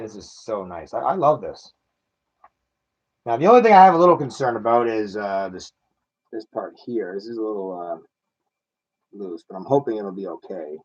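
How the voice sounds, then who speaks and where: A man's voice: fairly low pitch, muffled recording. A man chatting casually while unboxing a collectible toy car, self-mocking and laughing at himself.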